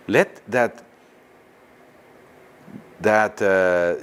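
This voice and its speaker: A man teaching a guided meditation in non-native, halting English, often pausing to question a live audience. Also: fairly low pitch. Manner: slow and lively, questions the audience. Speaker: spiritual teacher.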